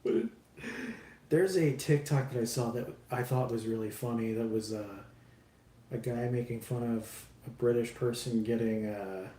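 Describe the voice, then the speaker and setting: A man speaks in a steady, dark, mid-range voice at normal speed while live streaming a model kit build. The talk is casual, rambling, and self-deprecating with plenty of swearing, recorded with roomy echo and faint background noise.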